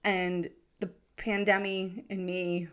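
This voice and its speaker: A woman's voice: medium pitch, level tone, slow pace, a bit bright, clean tone. A woman hosting a podcast, chatting in a bubbly, enthusiastic way that rambles with fillers. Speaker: podcast host.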